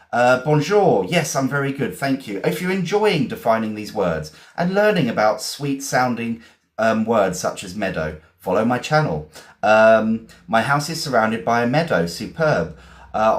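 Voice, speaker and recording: English guy teaching vocab on a stream, chatty and encouraging, spells stuff out, roomy echo. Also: medium pitch. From England. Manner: encouraging, chatty, repeats and spells words slowly. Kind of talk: live-streamed vocabulary lesson.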